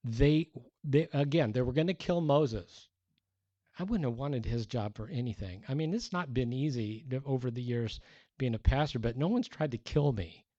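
A man preaching a sermon as a pastor, conversational and animated, acting out the people he quotes. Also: mid-range voice, moderate pace, no echo, dull audio.

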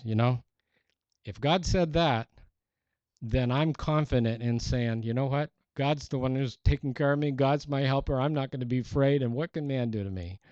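A man's voice: medium pitch, dark tone, dry recording, muffled recording. A man preaching a sermon in an earnest, emphatic way, reading scripture aloud.

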